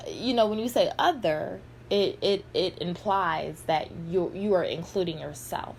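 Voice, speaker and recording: A woman's voice: on the low side, a little slow, vocal fry, hardly any pauses, a little mellow, slight background noise. A woman giving blunt, sassy, heavily profane commentary in a vlog. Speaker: pop culture commentator.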